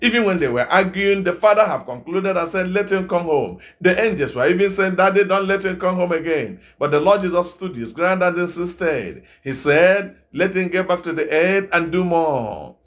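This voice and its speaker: High-voiced Nigerian preacher exhorting. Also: male voice, animated, normal speed, hardly any pauses, fairly bright tone. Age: middle-aged. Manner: repetitive exhortation, rhetorical questions. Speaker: evangelist preacher. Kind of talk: sermon.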